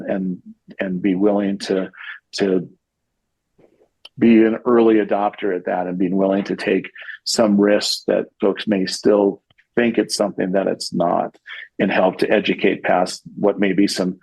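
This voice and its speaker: Gravelly-voiced man, casual guest talk. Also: fairly low pitch, no echo, low-quality recording. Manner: rambling with frequent restarts and fillers. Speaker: podcast guest, CEO. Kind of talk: casual conversational interview.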